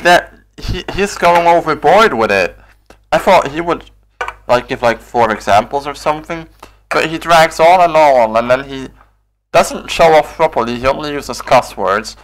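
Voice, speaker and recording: A man's voice: mid-range voice, fairly bright tone, slight background noise. A man playing a game, commenting in an exasperated, sarcastic way with frequent swearing. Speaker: game player. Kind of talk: gameplay commentary.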